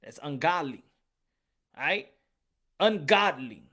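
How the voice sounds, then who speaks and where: High-voiced man ranting emphatically. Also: lively intonation, slow pace, pushed and bright. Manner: emphatic and repetitive, slips into Spanish. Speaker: podcast host. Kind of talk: casual rant.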